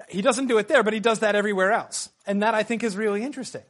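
A man teaching a literature seminar, animated and calling on students by name. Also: high voice, very fast. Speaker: teacher leading a literature discussion. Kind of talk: seminar discussion.

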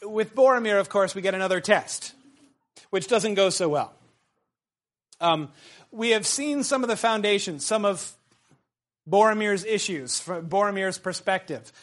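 A man's voice: high-pitched, a little slow, long pauses, fairly bright tone. A man giving a casual literature lecture, talking conversationally with many fillers and restarts. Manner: conversational, frequent fillers and restarts, reads quotes aloud.

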